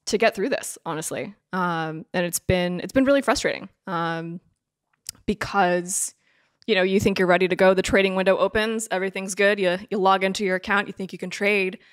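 A woman co-hosting a casual finance podcast, chatty and animated, laughing often. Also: mid-range voice, normal speed, smooth, no echo, studio quality. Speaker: podcast co-host, financial advisor.

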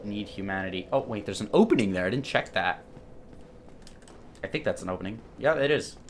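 A man's voice: expressive, brisk, a little hiss or hum. Young man swearing through a game. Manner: swearing, swings from low grumbling to shouting. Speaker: gaming YouTuber. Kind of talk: blind let's play commentary.

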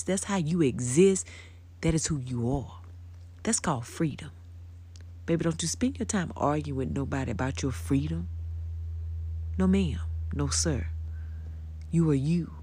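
A middle-aged woman talks straight to the camera in a soft, intimate way, often sinking into a whisper. Her voice is husky and gravelly with a lot of fry. She speaks with folksy warmth and calls the listener honey and baby. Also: very deep voice. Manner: soft-spoken, intimate, gentle and affectionate, often drops to a whisper. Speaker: social media personality. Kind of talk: motivational talk to camera.

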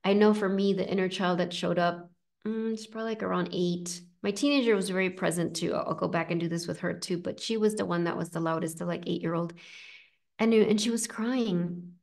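A woman coach leading a live online session, talking gently and reassuringly, with frequent fillers and restarts. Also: lowish voice, fairly even intonation, fairly quick, vocal fry. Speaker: inner child coach. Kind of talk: live coaching session, reading chat comments.

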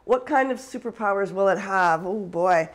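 Cooking live on stream, a Canadian host chats casually, laughs a lot, and responds to viewers' questions. She speaks at a medium pitch and moderate pace, and the audio is poor.

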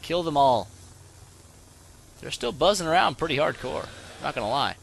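Excitable young man narrating gameplay. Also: fairly high pitch, moderate pace, gravelly. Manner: excitable, yelps and laughs when in trouble. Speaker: gaming channel host. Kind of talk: let's play commentary.

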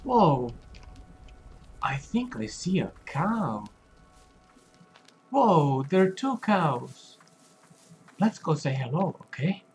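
Slow, gentle man narrating a game for kids. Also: fairly high pitch, very animated, soft background music, rough recording. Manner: slow, simple and questioning, talks to young viewers. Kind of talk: gentle gameplay narration for children.

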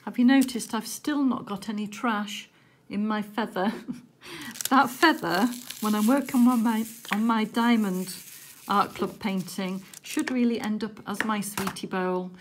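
A woman chatting casually while she works on a diamond painting at home, with gentle, softly murmured asides. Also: medium pitch, unhurried, noisy background. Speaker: crafting vlogger.

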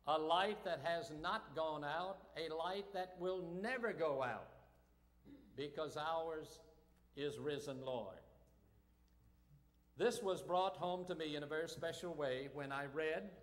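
A man preaching an Easter sermon as pastor, slow and deliberate, rising to loud call-and-response shouts. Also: on the high side. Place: church sanctuary. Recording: long reverb of a church sanctuary.

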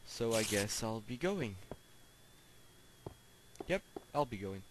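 A man's voice: fairly low pitch, sing-song, slow pace. A man casually commenting on his own gameplay, chatty and easily exasperated, coaxing the animals he meets. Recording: home recording with clear background noise and clicks.

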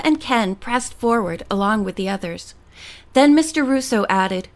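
A woman reading a teen novel aloud as an audiobook narrator, steady and expressive. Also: mid-range voice, unhurried.

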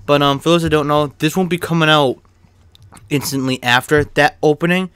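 A young man chatting casually while opening card packs in a video game, excitable and swearing freely, with a cough and an irritated throat. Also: fairly high pitch, moderate pace, clear, resonant tone, no echo. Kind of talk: casual pack-opening commentary. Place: his bedroom.

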